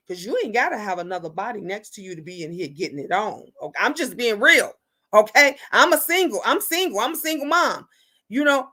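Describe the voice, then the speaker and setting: A woman's voice: high-pitched, a bit bright. A middle-aged woman hosting a casual livestream chat with viewers, talking bluntly and animatedly, often tagging "okay?" onto her points. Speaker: livestream host.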